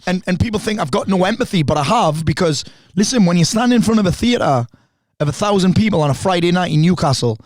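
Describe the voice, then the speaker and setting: A man, a podcast guest talking bluntly and fast, with lots of swearing. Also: sits high, expressive, a little mellow, no echo. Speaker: podcast guest, speaker and coach. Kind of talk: candid conversation.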